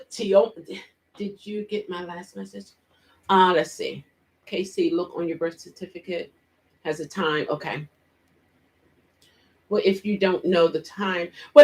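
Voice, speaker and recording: A woman vlogger casually retelling a story and chatting with viewers, animated and quick to laugh. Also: on the low side. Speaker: vlogger hosting a live chat.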